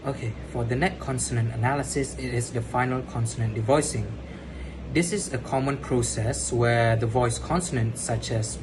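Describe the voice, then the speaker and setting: Young guy doing a class presentation, mid voice, lots of uh pauses, noisy background hum. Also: medium pitch. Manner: explanatory, measured, with frequent "uh" fillers. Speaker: student presenter. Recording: steady background noise.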